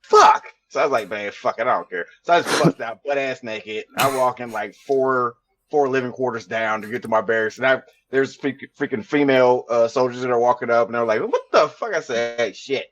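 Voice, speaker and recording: A man's voice: medium pitch, fairly even intonation, fairly quick. Laid-back profane man, crowd noise behind. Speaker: podcast guest, army veteran. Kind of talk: casual storytelling chat.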